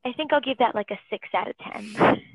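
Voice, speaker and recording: A woman's voice: on the high side, a little fast, slightly rough, dry recording. A young woman co-hosting a casual podcast, bluntly giving songs number ratings. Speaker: podcast co-host. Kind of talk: casual chat reviewing songs. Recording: tinny phone-like line.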